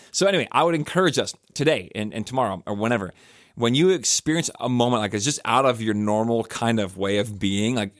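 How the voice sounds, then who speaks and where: Here a forties-aged man hosting a church podcast speaks at a medium pitch, reflective and relaxed, rambling through plenty of fillers and restarts. It's recorded at studio quality without any echo.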